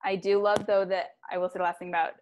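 A woman's voice: medium pitch, little pitch movement, fast talker. A woman hosting a podcast in casual chat, rambling and giggly, with lots of "like". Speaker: podcast host.

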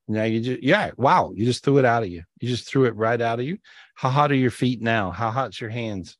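With a mid-range voice and a slightly fast pace, a man hosts a live video-call podcast in clean studio sound without echo. As a spiritual healer and show host, he guides a healing and then greets people, warm, effusive and prone to repeating his words.

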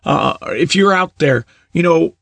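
Gravelly-voiced man telling family stories. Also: on the high side, expressive, a little slow, dry recording. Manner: warm anecdotal, repeats words, laughs at own stories. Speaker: preacher. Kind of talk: casual sermon storytelling.

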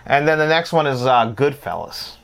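A man's voice: medium pitch, big pitch swings, normal speed, vocal fry, a bit bright. A man co-hosting a casual film chat, blunt and joking, swearing freely. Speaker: podcast co-host.

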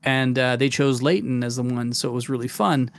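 A man's voice: medium pitch, steady tone, brisk. A man co-hosting a casual podcast chat about tabletop gaming, talking with enthusiasm and rambling through many restarts. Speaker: podcast co-host.

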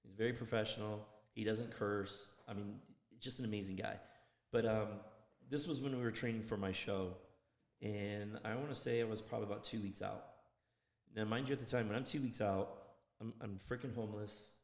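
A man co-hosting a casual podcast chat, telling stories in a loose, profane, animated way. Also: lowish voice, brisk. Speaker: podcast co-host. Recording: echoey room with long reverb.

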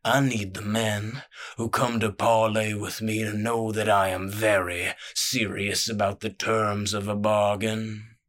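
A man voicing a rumbling crime boss. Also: little pitch movement, a bit bright. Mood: silkily menacing. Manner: slow, rumbling, genial menace. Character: huge bald crime boss, cheerful and menacing. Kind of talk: audio drama narration.

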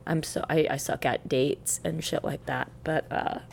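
A young woman telling a personal story in a halting, emotional way, close to tears at times. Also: low voice, steady tone, gravelly, slight background noise. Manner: halting, emotional, with many restarts.

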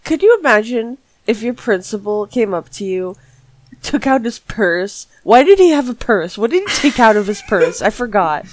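A woman's voice: on the high side, big pitch swings, moderate pace, hardly any pauses. A young woman co-hosting a comedy podcast, reacting with groaning disbelief in casual chat. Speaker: podcast co-host.

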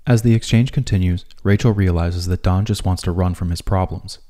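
A man narrating a scripted video essay in a calm, measured way. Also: low-pitched.

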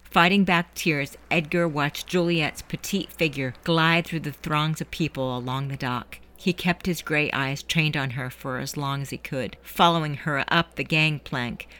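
A woman host reading a scripted story narration in a measured storytelling manner. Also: low-pitched, fairly bright tone.

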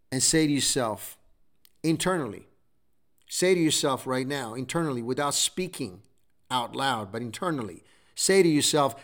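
A man's voice: medium pitch, fairly bright tone. A middle-aged man hosting a show, giving a preachy motivational talk full of repeated exhortations. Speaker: show host.

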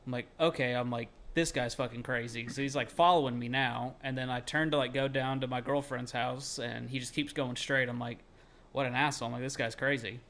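A man's voice: mid-range voice, steady tone, a little fast. A young man telling a long story in casual podcast chat. He rambles, fills his talk with "like" and swears freely. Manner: rambling, heavy on filler "like", swears freely, shouts when quoting himself. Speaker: podcast co-host.

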